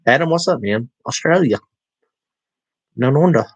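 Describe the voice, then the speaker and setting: A man's voice: mid-range voice, lively intonation, normal speed, slightly rough, no room sound, poor audio. A man with a Southern US accent hosting a casual live stream, rambling through fillers and restarts while answering viewer comments. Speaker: livestream host. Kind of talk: casual livestream chat.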